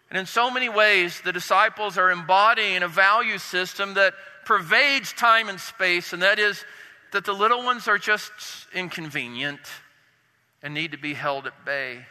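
A man preaching a sermon with drama, dropping his voice low and soft to stress points. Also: normal speed, smooth, big-room sound, poor audio. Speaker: pastor.

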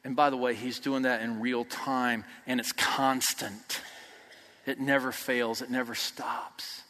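A man's voice: medium pitch, flat delivery, measured pace. Preacher man in an echoing hall. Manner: emphatic, rising to near shouts then dropping soft. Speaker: pastor. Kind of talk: sermon. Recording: long reverb of a large hall.

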